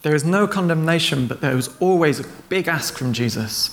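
Male preacher, gravelly tone, conversational storytelling with acted-out quotes, faint background noise. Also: a little high, expressive, a little fast. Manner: retells stories conversationally, acting out quoted lines. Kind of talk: sermon.

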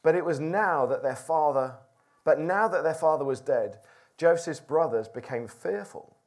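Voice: medium pitch, normal speed, a little mellow. A preacher teaching a Bible passage informally to a group, reading aloud and asking the audience questions in a conversational way.

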